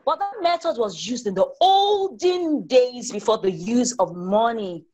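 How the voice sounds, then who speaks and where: A woman voicing a stern, exasperated mother in a children's story, with a shrill, scolding delivery. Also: animated, a little slow, darkish tone.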